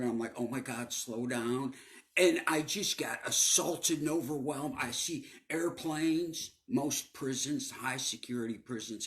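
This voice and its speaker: Slow, halting, profane man telling his story. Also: on the high side. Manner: profane, halting, repeats words, drops to near-whispers. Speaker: storyteller recounting his life. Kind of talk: casual personal storytelling.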